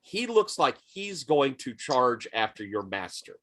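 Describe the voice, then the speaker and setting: A man narrating as game master of a tabletop role-playing game, with a loose, filler-heavy delivery. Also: mid-range voice. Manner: unhurried, lively narration with many fillers.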